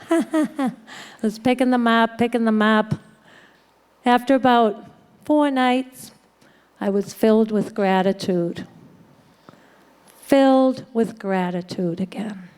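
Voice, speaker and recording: Woman speaker, unhurried, slightly high voice; wry, laughing storyteller addressing a live audience. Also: a little mellow, clean tone. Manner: wry, laughs often, acts out quoted people. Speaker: recovery meeting speaker. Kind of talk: humorous personal storytelling to an audience. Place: hotel conference room, live audience.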